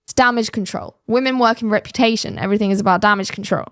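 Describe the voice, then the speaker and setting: A woman's voice: mid-range voice, fast talker, a bit bright. A woman hosting a reaction commentary, blunt and sarcastic. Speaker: commentary host.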